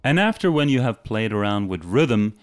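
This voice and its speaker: A man's voice: fairly low pitch, very animated, normal speed. A man teaching a casual singing lesson who breaks into short sung example phrases between his explanations, with faint music playing behind him. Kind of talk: casual video vocal lesson.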